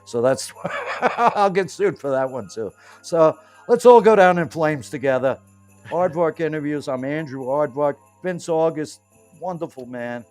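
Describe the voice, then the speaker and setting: A man's voice: a little high, unhurried, a little mellow, soft background music. A man hosting an interview show, playful and loose in casual chat. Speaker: host.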